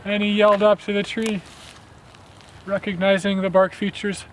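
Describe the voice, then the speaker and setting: Man, high voice, botany teacher, friendly, explanatory, outdoor field lesson, faint background noise. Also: monotone, moderate pace, pauses often.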